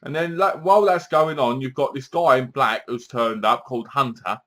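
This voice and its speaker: Bloke reviewing a film, chatty and animated, acts out the lines. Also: male voice, mid-range voice, moderate pace. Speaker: movie reviewer. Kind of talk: casual movie review.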